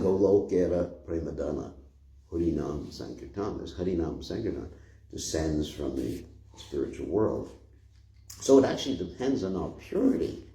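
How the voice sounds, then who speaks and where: An older man with a rumbling, low, dark voice gives an informal scripture class as a spiritual teacher, rambling conversationally and often chuckling. The room is echoey.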